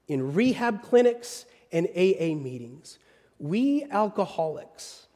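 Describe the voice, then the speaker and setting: A male preacher delivers a sermon, moving from full-voiced phrases down to near whispers. His voice sits high and ranges widely. A long reverb follows every line. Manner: dramatic, shifting from loud to whispered.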